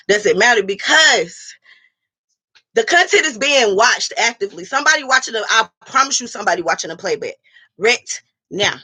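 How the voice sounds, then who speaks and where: A woman's voice: medium pitch, sharp tone. A woman hosting a casual livestream and talking straight to her viewers. She is blunt and profane and speaks. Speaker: livestream host reading chat.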